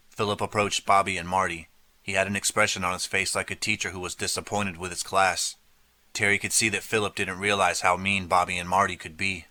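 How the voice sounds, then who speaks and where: A man narrating an audiobook in a steady storytelling manner. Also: sits low, fairly quick, dry recording. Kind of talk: scripted narration.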